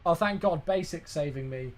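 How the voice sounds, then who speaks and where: A man's voice: on the high side, normal speed. A man streaming a flight sim, chatting casually with viewers and tired from the day. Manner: chatty, reads chat aloud, thanks subscribers. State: tired, yawning. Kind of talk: casual live-stream chat.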